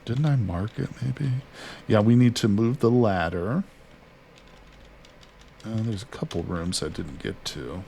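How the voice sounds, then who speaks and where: A man with a lowish voice talking through a survival game in a loose, chatty way. He narrates his moves and talks to his character as he goes. Faint background noise sits under his voice. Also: a little slow, vocal fry, long pauses, dark tone. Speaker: gaming streamer. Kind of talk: casual let's-play commentary.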